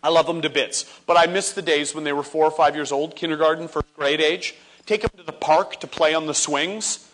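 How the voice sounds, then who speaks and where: High, bright-voiced man on stage. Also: a little fast. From Ontario, Canada. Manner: animated, acts out voices and scenes for laughs. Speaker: motivational speaker. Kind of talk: comedic speech on stage. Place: stage before a live audience.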